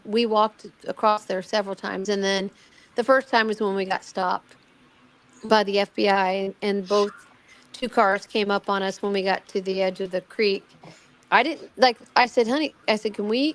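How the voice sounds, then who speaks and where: A middle-aged woman telling a personal story in casual chat, animated, acting out what people said, with many restarts. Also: a little high. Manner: animated, acts out quoted voices, many restarts. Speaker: guest recounting a personal experience.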